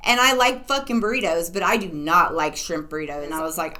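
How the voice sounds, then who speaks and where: A woman's voice: lowish voice, brisk, hardly any pauses. A young woman co-hosting a casual podcast chat, telling stories animatedly with frequent swearing and laughter. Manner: animated storytelling, swears often, laughs a lot. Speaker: podcast co-host.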